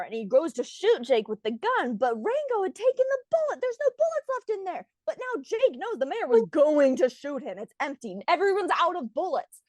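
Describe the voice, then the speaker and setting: A woman retelling a film plot in an excited casual chat, gushing and laughing often. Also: moderate pace, dry recording. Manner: gushing, laughs often, does low gruff voices for quoted characters. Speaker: podcast co-host retelling a film.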